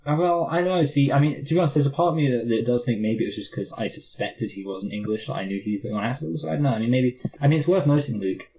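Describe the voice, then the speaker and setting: A Mancunian co-host rambles through a casual film review podcast, mocking himself and slipping into silly put-on voices. His mid-range, dark-toned voice is animated and fast with few pauses, on a low-quality recording.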